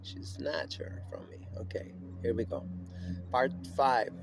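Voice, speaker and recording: A man speaking in a loose, rambling monologue with a steady stream of fillers and swearing. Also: mid-range voice, a little slow, creaky, over music. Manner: rambling, profane, with frequent fillers and laughs. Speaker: vlogger. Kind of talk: casual monologue.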